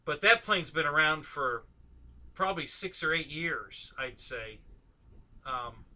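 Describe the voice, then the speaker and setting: A man with a high, very bright voice hosts a relaxed live stream conversation. He talks in a loose, chatty way, often laughing and tossing questions to the people he is talking with. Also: slow pace. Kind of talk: casual chat on a live stream.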